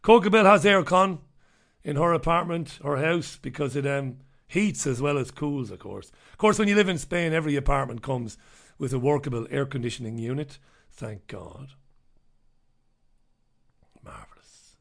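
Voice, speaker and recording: A man's voice: a little high, expressive, moderate pace, creaky, long pauses. A middle-aged man hosting a radio show, chatting casually and bluntly as he reads out listener messages.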